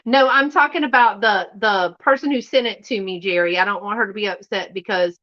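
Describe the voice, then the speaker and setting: A middle-aged woman from Louisiana with a Southern accent, chatting folksily as she hosts a live unboxing and often drops to a hushed voice. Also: medium pitch, brisk, dull audio. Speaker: channel host. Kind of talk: casual live unboxing chat. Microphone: live stream setup.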